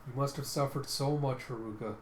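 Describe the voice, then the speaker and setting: A man's voice: mid-range voice, fairly even intonation, fairly quick, a little hiss or hum, close to an everyday voice. A man voicing a humble young archer, subdued, earnest, echoey room. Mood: remorseful.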